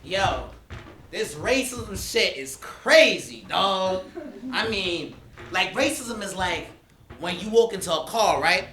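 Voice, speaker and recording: A man's voice: high-pitched, expressive, slow pace, sharp tone, heavily acted. A young man playing a laid-back, cautious teen boy in a staged reading monologue, slangy and conversational, often checking in with the listener. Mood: easygoing. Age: young adult. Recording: echoey stage filmed from a distance.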